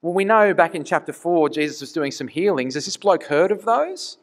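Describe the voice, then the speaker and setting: A man's voice: a little high, expressive, normal speed. A man preaching a conversational sermon, earnest and full of rhetorical questions.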